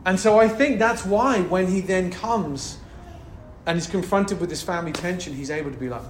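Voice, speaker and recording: A male pastor delivers a sermon in a relaxed, conversational way that keeps rising into passion, with lots of asides to the congregation. His voice sits fairly high for a man. The recording is roomy, with faint background noise. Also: normal speed. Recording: roomy echo.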